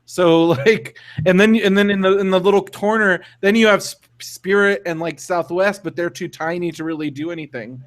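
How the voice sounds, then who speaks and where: A man's voice: sits high, normal speed, few pauses. A young man co-hosting a podcast in casual chat, loose and profane, full of fillers and restarts. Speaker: podcast co-host.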